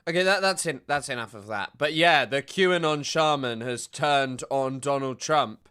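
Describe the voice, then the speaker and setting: A man's voice: mid-range voice, normal speed, bright, forceful tone, smooth. A man casually commenting on news clips as a streamer, chatty and loose with many fillers.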